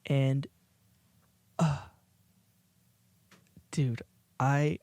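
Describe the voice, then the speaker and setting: A man's voice: mid-range voice, level tone, extremely slow, long pauses, warm tone, no echo. A man co-hosting a podcast, rambling in casual chat with frequent laughs and restarts. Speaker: podcast co-host. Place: indoors, watching a video while recording.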